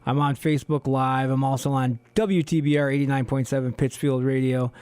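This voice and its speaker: Hoarse guy rambling on his radio show, mid-pitched, dead dry studio mic. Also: fairly even intonation, a little fast, darkish tone, dry recording. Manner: rambling, heavy on "you know" fillers. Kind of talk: casual solo radio talk.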